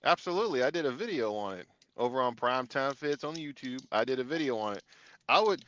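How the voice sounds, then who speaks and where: A man, a truck driving instructor, co-hosting a casual podcast and explaining at length in a relaxed way. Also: medium pitch, a little fast. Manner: laid-back, talks in long run-on explanations. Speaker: CDL instructor, co-host. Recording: dry, slightly dull studio sound.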